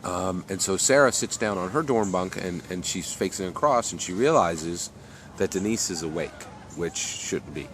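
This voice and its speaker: A man's voice: sits low, lively intonation, normal speed, a bit bright, slight background noise. A man telling a story off the cuff, rambling with many fillers and restarts. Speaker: author telling his story. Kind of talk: unscripted story narration.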